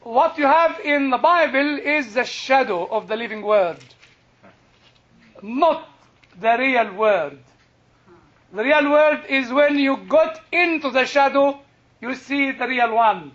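An older man with a husky yet strikingly high voice gives a slow, unhurried church lesson to a class, leaning on each phrase for emphasis. The recording sounds dull and lo-fi. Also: expressive, fairly bright tone. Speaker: Christian teacher. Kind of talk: lecture to a class.

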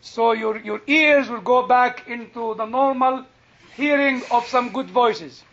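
Husky older man lecturing slowly. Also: extremely high pitch, a bit bright, dull audio. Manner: slow, deliberate, emphatic phrasing. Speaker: Christian teacher. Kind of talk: lecture to a class.

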